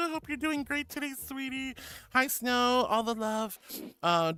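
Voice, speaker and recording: A woman's voice: sits high, lively intonation, measured pace, pushed and bright, clean tone, no room sound. A woman streamer chatting with her viewers, bubbly and gushing, calling them honey and sweetie. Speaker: VTuber streamer. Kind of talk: casual chat with viewers.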